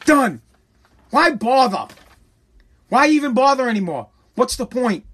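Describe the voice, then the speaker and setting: A political commentator ranting with heavy profanity and sarcasm, swinging between loud mockery and a mock-calm hush. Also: sits high, a little slow, slightly rough.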